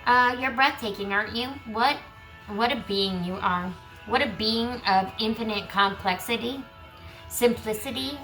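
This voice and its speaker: A woman giving a collective tarot reading who reads card texts aloud and breaks into chatty asides. She is losing her voice and keeps clearing her throat. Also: on the high side, pushed and bright, poor audio. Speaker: tarot reader.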